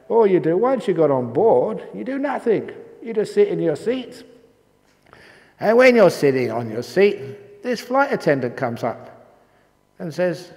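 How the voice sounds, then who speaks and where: A man's voice: fairly high pitch, big pitch swings, normal speed, a little mellow. An older man, a Buddhist monk, giving a humorous dharma talk at a meditation retreat, telling jokes and stories with the odd cough. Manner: joking storyteller, occasional coughs. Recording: long hall reverb.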